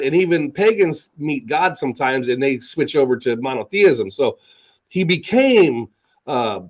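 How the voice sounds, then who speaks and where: A man's voice: sits high, darkish tone, rough recording. A man hosting a casual talk show, reading scripture aloud with stumbles and swearing sarcastically. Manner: profane, sarcastic, stumbling rereads. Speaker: podcast host.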